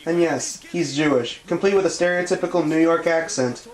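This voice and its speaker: A man's voice: fairly high pitch, normal speed. A man reviewing a cartoon in sarcastic commentary, with an exasperated, mocking manner. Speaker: show reviewer. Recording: echoey room.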